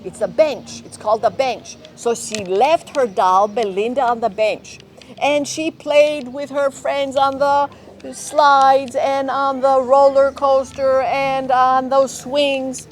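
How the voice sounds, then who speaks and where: Slow, clear woman teacher. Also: high voice, steady tone, slight background noise. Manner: slow, clear, often checking with children. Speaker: teacher, director of studies. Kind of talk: storytelling to young learners.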